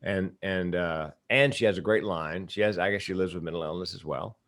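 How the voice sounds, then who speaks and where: A man's voice: sits low, a little fast, fairly bright tone. A middle-aged man, a comedian and speaker, telling stories as a guest in a casual interview, with punchy comic timing.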